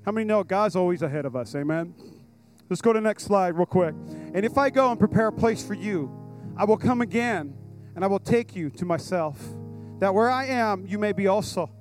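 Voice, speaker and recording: A man preaching to a congregation at a church service, excited and casual, with slang and asides to the crowd. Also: sits high, a little fast, faint music behind. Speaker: pastor. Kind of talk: lively sermon at a church service.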